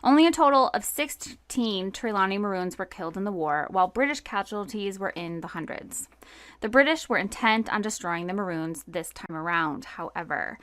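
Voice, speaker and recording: A woman's voice: medium pitch, animated, normal speed, a bit bright, no room sound. Woman podcast host going through history notes, chatty, um-ing a lot, dry close mic. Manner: casual, reads notes then riffs with fillers. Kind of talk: conversational history podcast narration.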